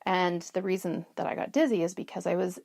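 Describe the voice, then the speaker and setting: Brief: middle-aged woman, podcast host, conversational storyteller, slight vocal fry, dry close sound. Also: fairly low pitch, brisk, darkish tone, no echo. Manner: chatty, storytelling, restarts mid-sentence. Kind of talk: casual self-care talk.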